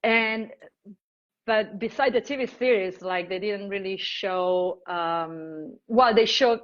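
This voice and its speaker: A woman interviewer with an Italian accent, asking questions in a lively, halting way with frequent restarts. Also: mid-range voice, dull audio. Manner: animated, halting, many restarts and "like" fillers. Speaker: interviewer, host. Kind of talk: casual interview chat.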